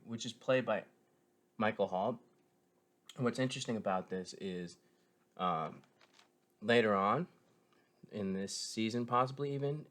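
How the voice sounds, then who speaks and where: This reviewer's voice is lowish and a bit bright. He meanders through a casual spoken take on a show, full of filler words, restarts and self-corrections, sounding like an eager fan.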